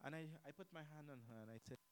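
A man preaching a sermon, asking the listeners questions and repeating key lines, swinging from loud to quiet. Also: on the high side, rapid-fire, clean tone, low-quality recording. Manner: emphatic, repetitive, rhetorical questions, swings between loud and quiet.

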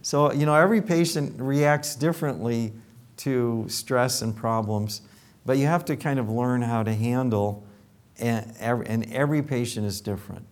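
A man's voice: medium pitch, normal speed. An older man, a dentist, telling casual anecdotes about his patients and acting out what people said. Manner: animated anecdotes with acted quotes. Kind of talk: casual storytelling.

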